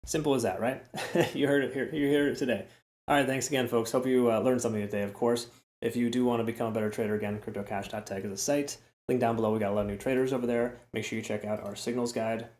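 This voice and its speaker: A man's voice: mid-range voice, fairly even intonation, racing, a little mellow. A man hosting a casual crypto chart analysis, chatty and repetitive, often tagging lines with "okay?" and "right?". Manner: chatty, repeats words, frequent "okay?" and "right?" asides. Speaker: crypto trading host. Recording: roomy echo.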